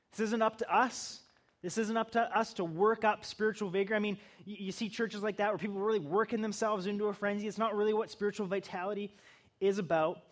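A middle-aged male pastor giving a conversational sermon, building to emphatic bursts. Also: high-pitched.

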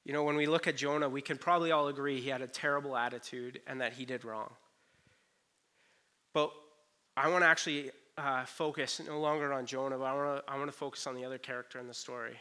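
A man's voice: medium pitch, steady tone, fast, pushed and bright, clear, resonant tone. A man in his thirties preaching a sermon in an earnest, conversational way, with frequent "you know" asides. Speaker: pastor.

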